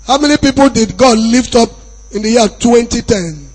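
A male preacher giving an emphatic sermon, repeating phrases and rising to shouts. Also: very high voice, animated, moderate pace, breathy edge, rough recording.

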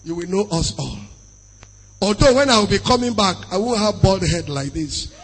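A middle-aged man preaching a sermon and answering questions, swinging between shouting and softly singing scripture. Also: high-pitched, animated, moderate pace, a little hiss or hum.

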